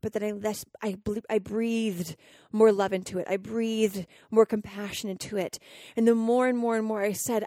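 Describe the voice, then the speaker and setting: A woman's voice: medium pitch, steady tone, normal speed, hardly any pauses, warm tone, dry recording, studio quality. A woman hosting a podcast, telling a personal story earnestly and emotionally, acting out her own inner dialogue. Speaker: podcast host and coach.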